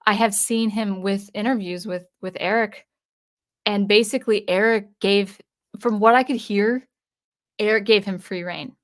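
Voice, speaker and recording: A woman hosting a casual livestream, greeting viewers and reading their comments in a chatty way. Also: mid-range voice. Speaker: host.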